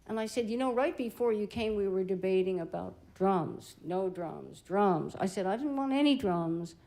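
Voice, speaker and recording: An older woman, a blues singer and guitarist, telling an animated, chatty story between songs on a live-stream stage, laughing easily. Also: medium pitch, moderate pace, gravelly, low-quality recording.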